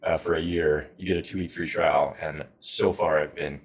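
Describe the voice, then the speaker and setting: A man in his thirties from Saskatchewan, a podcast guest chatting casually and telling animated, self-deprecating stories about his career. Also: rumbling low, moderate pace. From Saskatchewan, Canada. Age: 30s. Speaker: podcast guest, wealth advisor. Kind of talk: casual conversation.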